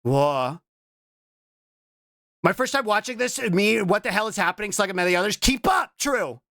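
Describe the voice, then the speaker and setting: A young adult VTuber streamer chatting casually on a live reaction stream. They break into playful shouts and keep tossing out a questioning "what?". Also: mid-range voice, lively intonation, normal speed, no room sound, clean studio sound. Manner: keeps repeating a questioning "what?" between remarks; stumbles and restarts mid-sentence.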